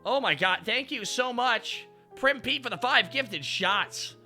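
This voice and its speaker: A young man streaming while driving, reading history aloud with animated, profane, sarcastic asides. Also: extremely high pitch, a little slow, faint music behind.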